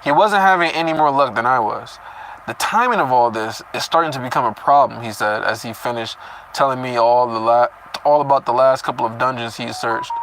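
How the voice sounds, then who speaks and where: A man's voice: mid-range voice, brisk, fairly bright tone, a little hiss or hum, low-quality recording. A man reading a story chapter aloud and breaking off into casual, profane comments on it. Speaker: reader reacting to a novel chapter.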